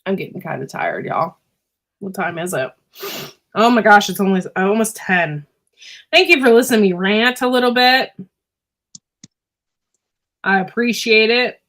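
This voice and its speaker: A woman chatting on a relaxed livestream from home, her voice sitting at an ordinary middle pitch. She rambles along with lots of fillers and keeps stopping to clear her irritated throat. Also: unhurried, pauses often. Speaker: livestream host and homesteader. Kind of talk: casual livestream chat. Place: indoors at home.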